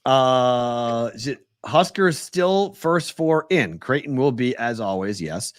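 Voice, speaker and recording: Young guy cohosting a sports show, swears a lot, pitch jumps all over, dry close mic. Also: slow, clean tone, dry recording. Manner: animated, profane and exasperated. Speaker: sports talk co-host. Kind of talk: casual sports chat.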